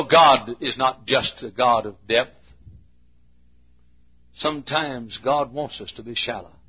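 A man's voice: medium pitch, breathy edge. A man preaching a sermon in a church with an emphatic, repetitive cadence. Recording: muffled lo-fi recording.

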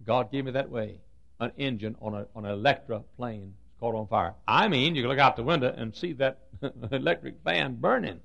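An older man preaching a sermon, telling folksy stories with stammered restarts and sudden swings from loud to soft. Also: mid-range voice, moderate pace, creaky, dull audio.

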